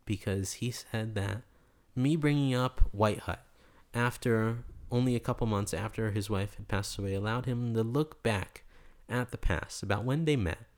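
Soft-spoken young man, low-voiced. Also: normal speed, hardly any pauses. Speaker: guest. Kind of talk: reflective storytelling in conversation.

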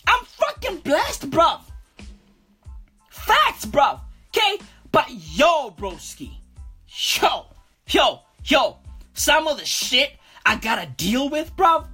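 Husky cocky bro guy, a woman doing him, high and swooping all over, cursing nonstop, faint music behind. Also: huge pitch swings, takes it slowly, sharp tone, full character voice. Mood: boastful. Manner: cursing slangy bravado, constant "bruv". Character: swaggering profane male street bro, boastful. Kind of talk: comedic character monologue.

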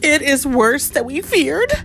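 Woman putting on a dramatic worried elephant from a kids' book, high and swoopy. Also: big pitch swings, unhurried, vocal fry, a bit bright, faint music behind, exaggerated voice. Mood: dismayed. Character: anxious, dramatic male elephant.

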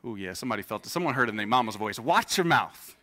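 A man's voice: lowish voice, very fast, pushed and bright. A man in his thirties, a pastor preaching a sermon in a casual, joking way, telling personal stories to a church congregation. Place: church stage before a congregation.

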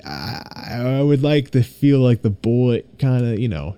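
A man's voice: medium pitch, big pitch swings, measured pace, hardly any pauses, dark tone, smooth, no room sound. Dry-voiced young man venting on a podcast. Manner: rambling, swears freely, gets worked up venting. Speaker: podcast host and streamer. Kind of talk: casual solo gaming podcast.

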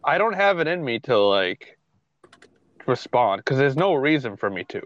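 A man's voice: mid-range voice, very animated, normal speed, fairly bright tone, no room sound, dull audio. A man co-hosting a podcast in casual chat, who laughs a lot and swears freely. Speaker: podcast co-host.

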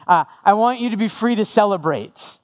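A man's voice: high-pitched, expressive, normal speed. A male pastor giving a sermon after an opening prayer, conversational with jokey asides to the congregation.

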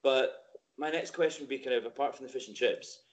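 A man's voice: mid-range voice, brisk. A man hosting a casual interview, friendly and encouraging, with short affirmations. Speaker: host.

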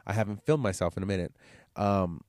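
A man with a low voice and a nose still blocked up from a cold talks straight into the mic, with little room sound around him. He hosts his podcast alone and rambles in a loose, profane, candid way. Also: fairly quick, darkish tone, no echo, clean studio sound. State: congested, nasal from a cold. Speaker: podcast host. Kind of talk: casual solo podcast monologue.

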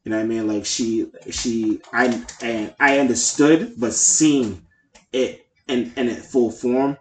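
A man co-hosts a casual podcast chat, speaking in a heartfelt, rambling way and leaning hard on fillers. His voice sits at an ordinary middle pitch. The room has a noticeable echo, with a faint hiss underneath. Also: measured pace. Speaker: podcast co-host. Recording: echoey room.

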